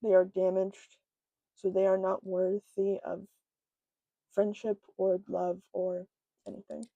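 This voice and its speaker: Mellow-voiced woman, emotional book vlog. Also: mid-range voice, level tone, no echo, lo-fi sound. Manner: emotional, halting, many fillers. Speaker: book vlogger. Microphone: own microphone close up.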